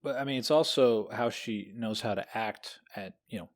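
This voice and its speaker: A man co-hosting a podcast, talking through a novel in a lively, rambling way. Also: fairly low pitch, moderate pace. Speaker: podcast co-host. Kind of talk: casual book discussion.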